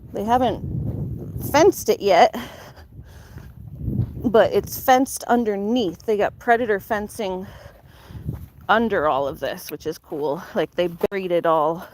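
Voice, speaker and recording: A woman's voice: a little mellow, slight background noise. Chatty woman on an outdoor live stream. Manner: chatty, talks to her dog in a high baby voice. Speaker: farm vlogger reading live chat. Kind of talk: casual live-stream chat. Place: outdoors in a farm garden.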